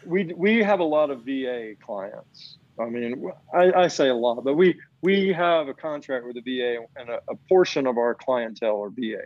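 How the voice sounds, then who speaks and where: A man's voice: mid-range voice, normal speed, hardly any pauses, dry recording, dull audio. A man in casual chat, ranting with plenty of profanity and acting out the people he quotes.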